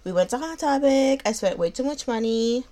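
A woman's voice: fairly high pitch, lively intonation, normal speed, dark tone. A woman co-hosting a podcast, telling trip stories in a loose, profane, joking casual chat. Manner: loose, profane, jokey storytelling. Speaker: podcast co-host.

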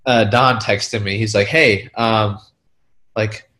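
A man's voice: fairly low pitch, takes it slowly. Rambling casual male storyteller. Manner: rambling, heavy on filler words, animated retellings. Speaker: real estate investor.

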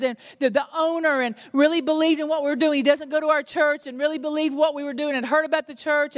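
Animated woman preaching. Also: high voice, long reverb tail. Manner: animated storytelling, laughs at herself. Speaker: pastor's wife and preacher. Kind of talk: sermon with personal story.

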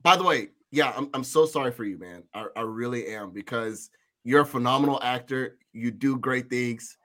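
A man co-hosting a casual movie review podcast, ranting loudly with profanity and frequent laughter. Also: mid-range voice, moderate pace. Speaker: podcast co-host.

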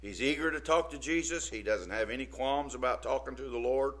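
Bright-voiced preacher talking plainly. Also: male voice, mid-range voice, fairly quick. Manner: conversational, checks in with listeners. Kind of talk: informal sermon.

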